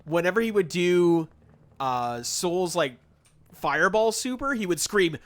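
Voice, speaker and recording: Bright-voiced, animated male streamer. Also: high-pitched, unhurried. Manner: animated, sarcastic storytelling, laughs often. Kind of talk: casual stream chat while gaming.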